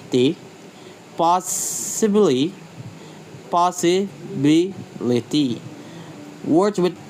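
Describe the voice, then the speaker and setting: A man's voice: a little high, darkish tone, a little hiss or hum, poor audio. A man giving a slide-based pronunciation lecture, speaking carefully and repeating example words to model their stress.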